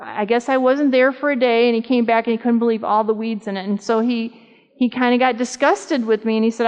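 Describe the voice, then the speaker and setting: Woman in her fifties, higher voice, chatty humorous sermon, long hall reverb, dull sound. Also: steady tone, fairly quick, darkish tone, clear, resonant tone. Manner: chatty, humorous storytelling with audience questions. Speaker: speaker at a church camp meeting. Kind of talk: conversational sermon.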